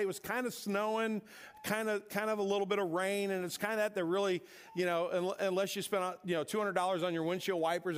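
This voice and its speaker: A middle-aged man from the American Midwest delivers a conversational sermon with a light, high-pitched voice. He tells stories and often repeats words as he finds his next thought. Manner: conversational preaching with storytelling asides, repeats words when pausing. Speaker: pastor.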